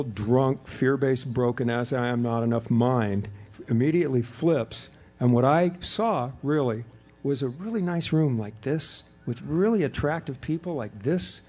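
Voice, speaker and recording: A middle-aged man with a gravelly, creaky edge to his voice tells his recovery story to a room of listeners. He talks in a lively, storytelling way and acts out the voices of the people he quotes. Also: medium pitch. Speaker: AA speaker. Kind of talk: recovery meeting talk, storytelling. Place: hotel meeting room before an audience.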